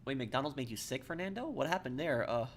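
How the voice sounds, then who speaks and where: A man streaming a game and talking casually to his viewers in a mid-pitched voice. He stumbles and repeats words as he reads out their comments. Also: animated, slight background noise. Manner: halting, repeats words, reads chat aloud. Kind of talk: casual live-stream chat.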